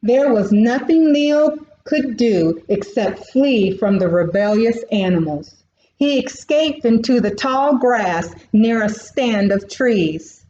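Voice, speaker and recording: A woman reading a children's storybook aloud in a slow, expressive way. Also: medium pitch, a little hiss or hum. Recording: roomy, dull recording.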